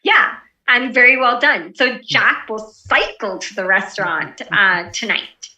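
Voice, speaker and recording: A woman leads an online presentation skills class in a relaxed, encouraging way, often pausing on fillers. Her voice is bright and sits a little high. She sounds a bit distant from the mic in an echoey room. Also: lo-fi sound.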